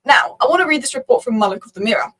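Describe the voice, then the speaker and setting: A woman with a somewhat high voice talks to camera about football at a brisk clip. She sounds opinionated and reasons out loud, stacking one point on the next with barely a pause. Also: animated, poor audio. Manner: rapid, opinionated, thinking aloud. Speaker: football channel host. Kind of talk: casual talking-head commentary.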